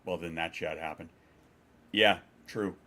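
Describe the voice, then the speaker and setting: Rambling, low-voiced man streaming. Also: steady tone, unhurried, pushed and bright. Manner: rambling and profane, with frequent restarts. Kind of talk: casual livestream chat, reading chat aloud.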